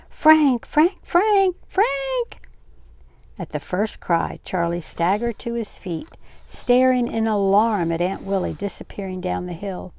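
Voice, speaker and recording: An older woman reading a novel aloud in a steady, unhurried way. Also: fairly low pitch, vocal fry, dry recording. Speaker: read-aloud host.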